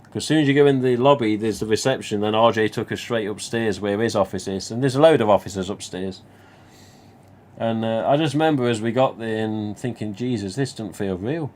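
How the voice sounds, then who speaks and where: This livestream host, an English man with a Nottingham accent, has a low-ish, darkish voice and talks a little fast. He chats through a long, rambling personal tale peppered with asides, you-knows, and mild swearing.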